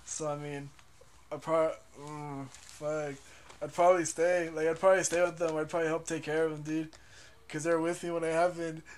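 A man's voice: fairly high pitch, flat delivery, normal speed. A young man co-hosting a podcast in casual chat, rambling and profane, hesitating with lots of fillers. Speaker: podcast co-host.

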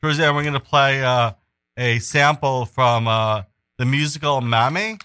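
A man hosts a community radio interview and reads station announcements. His voice is bright, and he talks in a relaxed, halting way with many ums and restarts. The sound is dry and close. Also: medium pitch, clear, resonant tone, no room sound. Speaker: radio show host.

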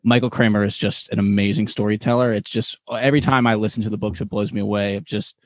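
Give me a man on a podcast, keen and earnest, deep-ish voice. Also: fairly even intonation, quick pace, slight background noise. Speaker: podcast co-host. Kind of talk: casual podcast chat.

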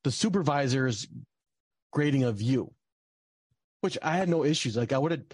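A man's voice: medium pitch, expressive, moderate pace, darkish tone, slightly rough, no echo. Rambling young man telling a story. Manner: rambling, many fillers, gets heated and swears. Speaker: guest telling a personal story. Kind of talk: casual storytelling.

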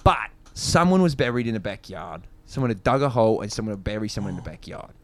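A man playing a flustered neighbour who talks in a put-on British accent in an improvised comedy podcast, laughing and animated. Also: lowish voice, fast talker, creaky.

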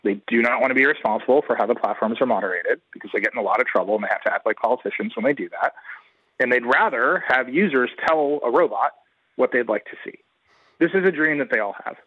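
A man's voice: mid-range voice, fast, no echo. A man giving a guest commentary in a radio interview, analytical and emphatic, talking in long runs. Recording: dull lo-fi radio line.

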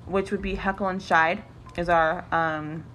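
A woman's voice: fairly low pitch, fairly even intonation, unhurried, fairly bright tone, slight background noise. A young woman co-hosting a podcast in casual chat, swearing often and laughing through her words. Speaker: podcast co-host.

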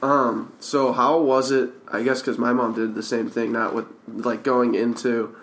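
A man's voice: mid-range voice, little pitch movement, measured pace, fairly bright tone, a little hiss or hum. A young man hosting a podcast, asking questions in an upbeat, jokey interview style. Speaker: podcast host.

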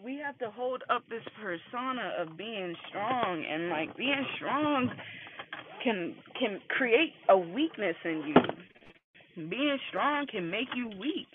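A man hosting a casual motivational morning talk, candid and emphatic, swearing freely, speaking from his car on the way to work. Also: high voice. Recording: phone-like line with faint road noise.

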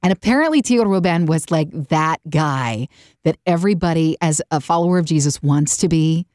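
Woman podcast host, animated storyteller, low voice, dry close-miked studio sound. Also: moderate pace, dry recording. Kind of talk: faith-based podcast chat.

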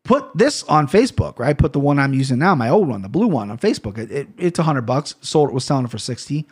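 A man talking straight to camera at a mid-range pitch, loose and unscripted. He rambles, swears often, and breaks into loud bursts of mock outrage before settling back down. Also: very animated, quick pace, husky. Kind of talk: casual solo rant about gear and fight news.

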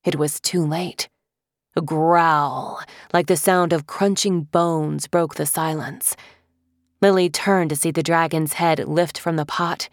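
Low-voiced woman reading a storybook. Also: steady tone, dry recording, clean studio sound. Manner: measured, vivid storytelling. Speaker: audiobook narrator. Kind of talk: scripted narration.

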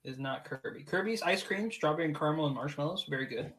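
A man's voice: on the high side, fast talker, fairly bright tone, rough recording. A man co-hosting a casual podcast, asking questions and steering the topics. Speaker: podcast co-host. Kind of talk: casual chat.

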